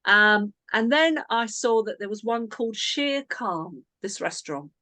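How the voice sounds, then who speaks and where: A woman's voice: mid-range voice, expressive, a little slow, pushed and bright, no room sound. A woman team coach talking casually to her team, telling a chatty story that she keeps interrupting with asides.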